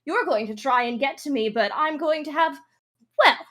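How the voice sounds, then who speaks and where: A woman's voice: high-pitched, moderate pace, fairly bright tone. A woman playing a cocky acrobatic superstar wrestler, taunting her rival in rambling improvised trash talk.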